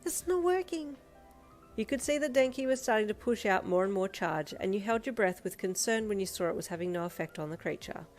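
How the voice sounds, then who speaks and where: Narrator: woman, steady gentle storyteller, soft backing music under her. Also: medium pitch, fast, few pauses. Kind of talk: second-person audio fanfiction narration.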